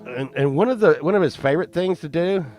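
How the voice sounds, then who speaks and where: A man in his fifties telling a rambling, profane childhood story, excitable and often laughing. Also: a little high, fast talker, soft background music. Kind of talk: casual anecdote telling.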